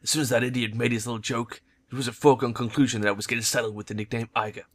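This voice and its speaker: A man's voice: mid-range voice, little pitch movement, rapid-fire, natural voice. A man voicing a blunt, stern female troll ex-soldier in a game, with curt, clipped, unsentimental lines.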